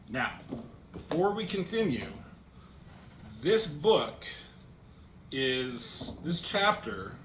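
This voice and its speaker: A man with a bright, forward voice talks casually through a comic book page by page and reads the panel lines out loud, stumbling over his openings. his voice rings around a roomy space with a faint hum of background noise. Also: mid-range voice. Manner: hesitant, repeats words when starting thoughts. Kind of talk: casual review walkthrough.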